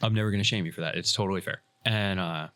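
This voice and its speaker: A man hosts a casual podcast and retells a story with energy, acting out what each person in it said. His voice sits low, but the tone is bright and forward. He talks like someone chatting with friends. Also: quick pace, smooth. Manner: animated retelling, acts out quoted dialogue. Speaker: podcast host and airsoft field staff.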